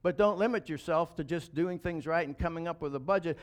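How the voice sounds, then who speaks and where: Man, high-pitched, preaching, emphatic, rhetorical questions, chuckling. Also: brisk. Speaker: pastor. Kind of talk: sermon.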